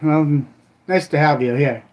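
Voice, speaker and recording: Older Minnesota man, live-stream host, slightly high voice, folksy and rambling, cooking as he chats. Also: a little slow, muffled recording. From Minnesota, USA. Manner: rambling, folksy, trailing off with "I don't know"; cooking while he talks. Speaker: livestream host. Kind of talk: casual live-stream chat.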